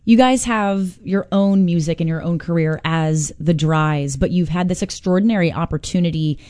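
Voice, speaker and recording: A woman's voice: fairly low pitch, moderate pace, mellow. A woman interviewing guests in a studio, enthusiastic and affirming.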